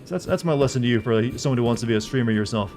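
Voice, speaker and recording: A man's voice: mid-range voice, very fast, darkish tone, soft background music. A man streaming a game live, rambling and teasing as he answers his chat and reads menu text aloud.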